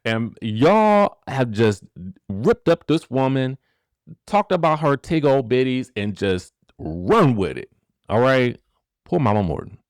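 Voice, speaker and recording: A man hosting a casual celebrity gossip commentary, animated and rhetorical, who keeps asking the viewers questions and checking in with them. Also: mid-range voice, slow pace, clear, resonant tone, no echo, clean studio sound. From rural area. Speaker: gossip show host.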